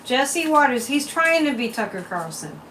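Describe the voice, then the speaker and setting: Hosting a psychic livestream, a slightly high-voiced woman chats at a moderate pace, reading comments, drawing cards and offering her opinions, her pitch and loudness swinging lively. The rough recording catches her from a distance, with faint room hum underneath.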